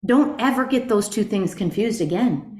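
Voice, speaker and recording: A middle-aged woman teaching a Bible study class in an earnest, animated way, asking her group rhetorical questions. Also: mid-range voice, normal speed. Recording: roomy echo.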